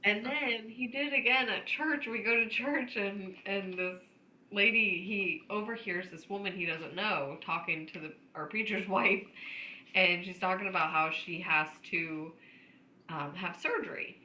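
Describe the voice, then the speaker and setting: A woman's voice: mid-range voice, unhurried, echoey room, rough recording. A woman, co-hosting a podcast, telling funny family stories with lots of laughter. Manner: animated, laughs often while telling stories. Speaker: podcast co-host. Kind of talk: casual storytelling chat.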